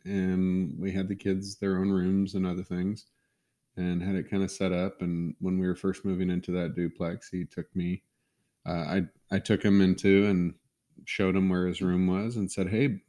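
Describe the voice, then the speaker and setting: Middle-aged guy, low deep voice, laid back telling stories on a podcast. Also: level tone, normal speed, mellow. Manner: easygoing, laughing storyteller. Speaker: podcast co-host. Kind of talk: casual chat.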